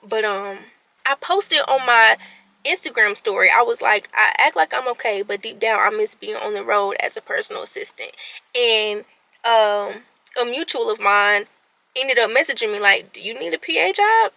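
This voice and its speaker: A woman's voice: on the high side, moderate pace, creaky, no echo. A woman in her twenties venting candidly to camera, anxious and stumbling over her words, then rallying herself with tough-love self-talk. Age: 20s. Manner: animated, self-talking, swings between quiet and loud; stutters and restarts when anxious. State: anxious and nervous. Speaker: vlogger.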